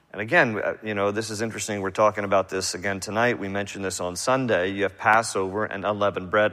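A male pastor teaches through a passage in a relaxed, animated way, tossing in casual asides between verses. His voice is bright and forceful, and it rings out with a long reverb through the church sanctuary. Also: mid-range voice. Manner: conversational, animated preaching with quick asides. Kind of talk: verse-by-verse sermon.

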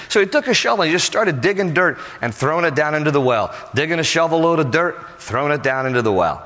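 A male pastor preaching a sermon in an animated way, acting out the people in his stories. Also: a little high, quick pace, hardly any pauses, big-room sound.

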